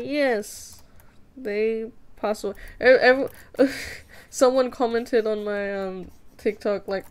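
A woman's voice: mid-range voice, steady tone, slow pace, a little mellow, clean tone. A young woman chatting casually with viewers while drawing on a live stream, playful, giggly and self-mocking. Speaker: streamer drawing fan art.

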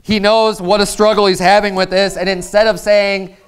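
A male pastor delivers a sermon in a loose, conversational way, stumbling over and repeating words as he retells scripture. His voice sits on the higher side and sounds smooth and resonant. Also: little pitch movement, normal speed.

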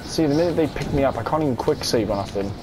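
Brief: young man, gamer, mid pitch, grumbling and cursing, game music clear behind. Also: expressive, fast talker. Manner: irritable, swearing, muttering to himself. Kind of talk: gameplay commentary.

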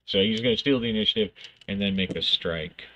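A man's voice: lowish voice, brisk, bright, forceful tone, highs cut off. A man thinking aloud as he plays a solo tabletop game, reading rules aloud and narrating the action in bursts.

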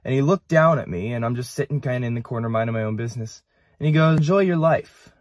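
A man's voice: medium pitch, fast talker, no room sound, studio quality. A man telling a wry personal storytime anecdote. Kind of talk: casual storytime.

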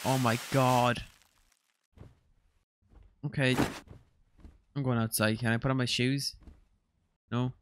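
A young man commenting as he plays a horror game, jumpy and swearing and yelling when startled. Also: medium pitch, flat delivery, takes it slowly, long pauses, noisy background. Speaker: gaming streamer.

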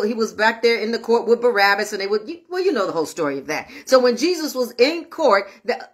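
A woman minister preaches to an online audience in a high, bright voice. She repeats her key lines and presses them home. Her delivery is direct and personal. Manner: emphatic, repetitive preaching, addresses viewers directly. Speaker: minister and host of an online prayer show. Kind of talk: online sermon.

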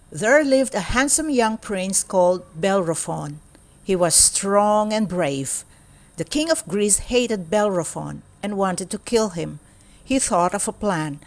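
A woman reading a children's storybook aloud in a steady, clear storytelling manner. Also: medium pitch, unhurried. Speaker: storybook reader.

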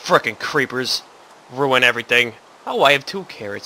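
A man with a very bright, edgy voice commenting on a game he is playing. His pitch jumps all over as he swings from low mutters to sudden shouts, with keyboard typing heard behind him. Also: lively intonation, moderate pace, a little hiss or hum. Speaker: gaming channel host. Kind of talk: casual let's play commentary.

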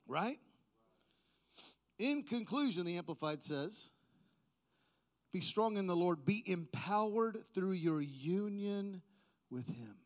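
A man with a high-pitched voice delivers a sermon. He moves between low, conversational talk and loud, stretched-out proclamations, teasing his listeners along the way. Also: lively intonation, slow pace, long pauses. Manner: playful, jokes with the congregation. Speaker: preacher.

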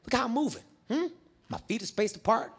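A man telling animated stand-up stories on stage, acting out voices and shouting. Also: extremely high pitch, a little fast. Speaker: stand-up comedian. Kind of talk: stand-up comedy storytelling. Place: large theater stage with audience.

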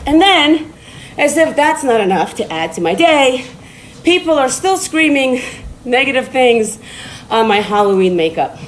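Middle-aged woman, high voice, loose and blunt live-stream chatter from a treadmill, faint noise behind. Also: sing-song, a little slow, low-quality recording. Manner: rambling and blunt, with frequent laughs and swearing. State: walking on a treadmill while talking. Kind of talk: casual motivational live-stream talk. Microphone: phone live stream.

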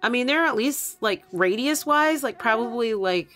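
A woman co-hosting a casual podcast, telling animated stories with lots of fillers and laughter. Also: a little high, moderate pace. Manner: animated storyteller, many fillers, laughs often. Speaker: podcast co-host. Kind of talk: casual chat.

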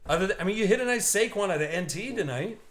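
A man in his thirties hosting a live card break stream, excited and joking with viewers. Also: high voice, fast. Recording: echoey room.

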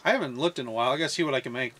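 A man's voice: medium pitch, racing, fairly bright tone. A man hosting a let's play, commentating on a video game with joking, self-mocking asides. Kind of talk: gameplay commentary. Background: faint game music.

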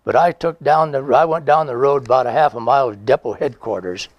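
A veteran in his nineties is interviewed for an oral history, telling a rambling, folksy story full of chuckles and reenacted dialogue. His mid-range voice moves briskly, and the recording is dry and lo-fi.

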